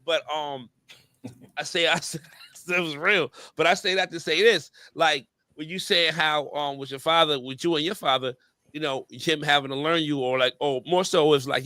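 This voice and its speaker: Bright-voiced animated storytelling man. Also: fairly high pitch, normal speed, no room sound. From New York area. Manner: animated storyteller, heavy slang and fillers. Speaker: podcast host. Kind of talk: casual chat.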